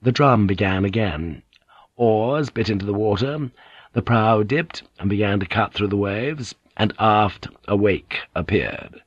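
Low-voiced male audiobook narrator. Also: slightly rough, dry recording, highs cut off. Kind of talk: scripted narration.

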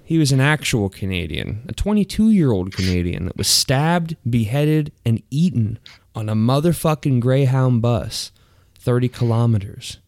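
A man's voice: mid-range voice, big pitch swings, normal speed, darkish tone, dry recording, studio quality. A man hosting a podcast in crude, profane casual chat, often laughing mid-sentence. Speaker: podcast host.

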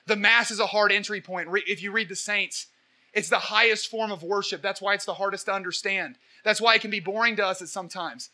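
A young man giving an impassioned question-and-answer talk as a Catholic evangelist, rambling through energetic, preachy stories. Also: fairly high pitch.

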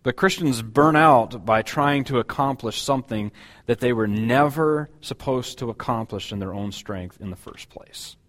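A man preaching a sermon as pastor, talking in a conversational, halting way with many fillers and restarts. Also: mid-range voice, fairly bright tone. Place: church.

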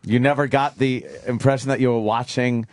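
A man's voice: medium pitch, fairly even intonation, fairly quick, no echo, studio quality. A man hosting a radio talk show, bantering bluntly and profanely and mocking the people he talks about. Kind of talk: crude casual radio banter.

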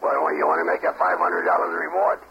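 A gruff man picks up a bar phone and snaps into furious threats. His gravelly voice leaps high and low. The taped line is dull and hissy. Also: huge pitch swings, fast talker. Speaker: bartender taking phone calls.

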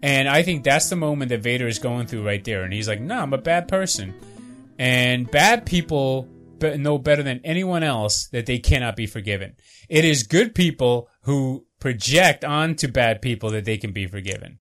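A man in casual podcast chat, talking fast and swearing, acting out quoted lines. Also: mid-range voice, lively intonation, fairly bright tone, faint music behind.

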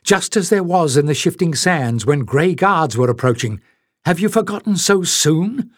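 An earnest, brave young hero who speaks urgently, a little above a normal pitch, voiced by a male storybook reader. The sound is close and dry. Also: measured pace, a bit bright, dry recording. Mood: insistent.

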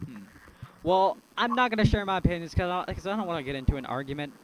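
A man's voice: sits high, fast talker. Rambling man over a mains hum. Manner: rambling, hesitant, many fillers. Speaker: podcast host. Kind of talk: casual podcast chat. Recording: steady mains hum behind the voice.

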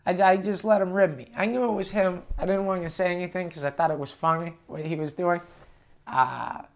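A man's voice: sits high, fairly quick. A man, a touring comedian, telling a story casually on his podcast, cursing freely and acting out both sides of the dialogue. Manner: profane, animated retelling with quoted dialogue.

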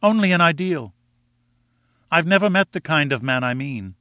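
A man reading aloud voices a proud, composed young woman who gently reproves and reasons with her suitor. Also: on the high side, animated, normal speed, no room sound, clean studio sound, pitched above the performer's own voice.

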